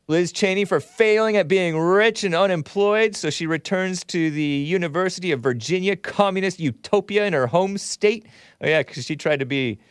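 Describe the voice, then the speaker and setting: Smooth-voiced sardonic male talk host. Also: on the high side, dry recording, studio quality. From Southern California. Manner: sardonic, wry asides with chuckles. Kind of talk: casual commentary reading viewer messages.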